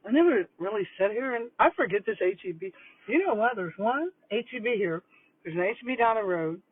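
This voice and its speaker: A woman's voice: mid-range voice, lively intonation, fairly quick, breathy edge. Older woman, retired principal type, rambling and chatty while eating; thin phone-quality sound. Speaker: retired school principal vlogger. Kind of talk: casual livestream chat over lunch. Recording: tinny phone-like dry audio.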